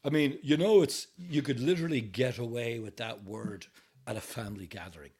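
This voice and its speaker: A middle-aged Irishman from Dublin tells stories in a husky, breathy voice. He swears freely and laughs often, and his talk is animated. His pitch sits in the middle range. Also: fairly quick. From Ireland. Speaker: podcast guest, rock singer. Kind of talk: casual chat.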